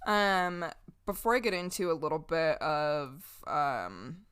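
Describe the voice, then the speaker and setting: A woman's voice: low voice, expressive, takes it slowly, fairly bright tone, smooth. A young woman co-hosting a podcast, chatting casually and jokingly, rambling and swearing as she goes. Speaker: podcast co-host. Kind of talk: casual political chat.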